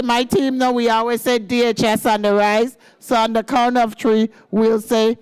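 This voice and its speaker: A woman's voice: a little high, flat delivery, moderate pace, hardly any pauses, a little mellow, clear, resonant tone. A woman with a Virgin Islands accent gives an upbeat, playful speech at a legislative ceremony and leads the crowd in chants. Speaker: government senior services official.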